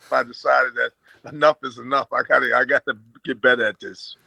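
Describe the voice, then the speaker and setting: An older man with an American accent touched by an Australian twang tells stories as an interview guest. His voice is gravelly yet bright, and his delivery is easygoing and chatty, with fillers and chuckles. The recording is dry and close. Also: mid-range voice, level tone, normal speed, dry recording, low-quality recording. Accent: American with a slight Australian twang. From Brooklyn, New York. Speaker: guest, former basketball player. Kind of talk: casual storytelling in an interview.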